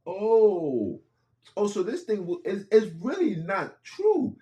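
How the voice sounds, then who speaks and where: A man's voice: sits high, very animated, a little slow, mellow. A man hosting a podcast, speaking in an impassioned monologue with casual street phrasing and repeated lines for emphasis. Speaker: podcast host.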